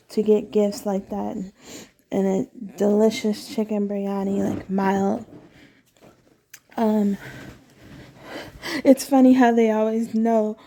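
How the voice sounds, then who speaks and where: A woman's voice: medium pitch, vocal fry, dark tone. A woman talking in a casual, meandering personal monologue, candid and often correcting herself mid-sentence.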